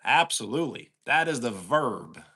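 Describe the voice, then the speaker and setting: A man's voice: mid-range voice, sing-song, moderate pace, pushed and bright, husky. A man with a New York accent, chatting casually on a livestream and answering viewers' comments. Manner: easygoing, answers chat questions aloud. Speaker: livestream host.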